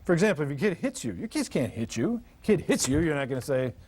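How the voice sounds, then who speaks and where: A man's voice: fairly high pitch, sing-song, fast, darkish tone, breathy edge. An older man giving a live parenting seminar to an audience, telling humorous stories and acting out parents and children. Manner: humorous, storytelling, acts out parents and kids.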